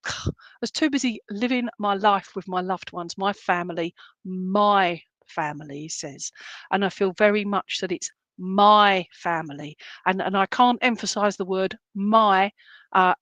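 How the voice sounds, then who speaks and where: A woman works as a medium, giving a reading in a loose, searching way with many ums and restarts. Her voice sits at a middling pitch. The recording is close and dry, with no room sound. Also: a bit bright, dry recording. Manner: halting, searching, full of fillers and restarts; relays spirit messages in a chatty, jokey way. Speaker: spiritualist medium. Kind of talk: clairvoyant reading in an online church service.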